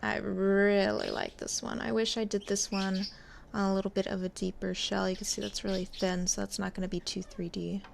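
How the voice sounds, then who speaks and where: A woman narrating her own craft work in a relaxed, chatty way as she goes. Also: mid-range voice, normal speed, gravelly, slight background noise. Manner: relaxed, chatty, talks while working. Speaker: resin artist.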